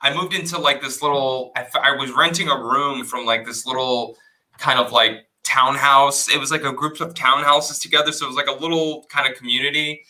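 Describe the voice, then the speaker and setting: A young man from South Texas talks in a loose, animated way, piling up fillers and restarts as he tells his stories. His voice is very bright and sharp-edged. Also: medium pitch, a little fast, rough recording. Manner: animated storyteller, many likes and restarts. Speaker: guest comedian. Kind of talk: casual chat.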